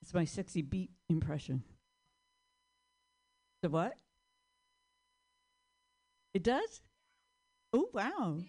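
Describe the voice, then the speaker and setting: A woman's voice: on the low side, huge pitch swings, extremely slow, pauses often, a little mellow. A woman doing a stand-up comedy set on stage, rambling through self-deprecating jokes. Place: stage before a live audience.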